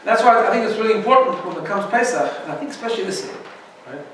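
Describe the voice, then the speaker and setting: Rabbi guy giving a casual class, kinda high voice, sounds far from the mic in a big echoey room. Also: lively intonation, quick pace, a little hiss or hum. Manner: chatty, keeps asking "right?". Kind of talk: informal Torah lesson.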